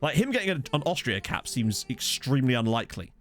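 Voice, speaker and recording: A man's voice: medium pitch, big pitch swings, quick pace, faint music behind. A man streaming a football management game, chatting casually and joking with his viewers over a desk microphone. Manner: chatty, jokey, answers viewers' chat. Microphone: desk USB condenser microphone.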